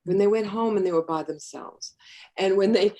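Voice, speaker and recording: A woman's voice: mid-range voice, normal speed, dark tone. A middle-aged woman, a healing practitioner and life coach, reflecting in a casual podcast conversation.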